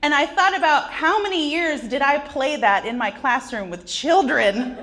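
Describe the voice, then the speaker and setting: A woman's voice: sits high, moderate pace, a bit bright. A woman in her forties telling wry, self-deprecating comic stories on a conference stage, often laughing at her own jokes. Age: 40s. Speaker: conference speaker. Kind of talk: comedic personal storytelling.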